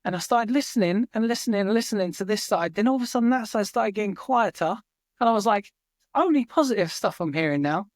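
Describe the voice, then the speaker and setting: A man's voice: high-pitched, animated, quick pace, dry recording, studio quality. A man speaking as a podcast guest, telling his story in an earnest, reflective way and swearing casually now and then. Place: remote farm in Norway.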